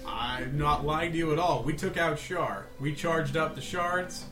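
A man's voice: a little high, measured pace, roomy sound, noisy background, close to an everyday voice. A man voicing a guarded male adventurer in a tabletop game, giving short, dismissive replies.

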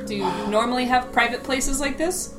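A woman playing a tabletop role-playing game, chiming in with quick, playful remarks. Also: high voice, over music. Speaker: player.

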